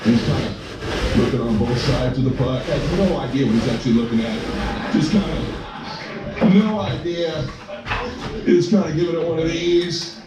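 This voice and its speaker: Fired-up guy telling a story out of breath, kinda high voice, music playing, far off in an echoey room. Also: moderate pace, long pauses, very noisy. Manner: emotional, swearing, bursts into shouts. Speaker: father telling a personal story. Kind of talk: animated storytelling to an audience.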